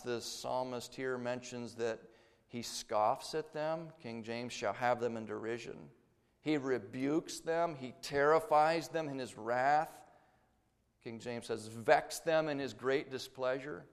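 Emphatic preacher man in a reverberant hall. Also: a little high. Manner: emphatic, swings between loud and hushed. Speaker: pastor. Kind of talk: sermon.

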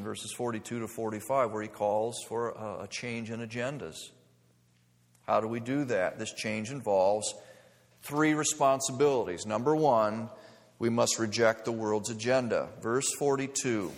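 A man's voice: mid-range voice, long reverb tail. A male pastor preaching a sermon, full of rhetorical questions and building to emphatic points.

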